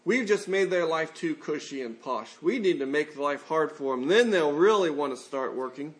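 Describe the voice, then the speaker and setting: A man's voice: fairly high pitch, expressive, normal speed, close to an everyday voice. A man voicing a dismissive ancient male king who scolds his overseers in a curt, scornful tone.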